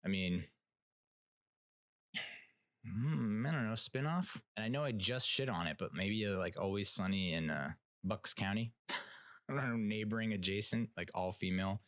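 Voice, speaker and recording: Young male podcast host, lowish voice, loose rambling delivery, dry close recording. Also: moderate pace, fairly bright tone, no room sound. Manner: rambling, frequent restarts and fillers, laughs at own jokes, swears casually. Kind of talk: casual solo commentary.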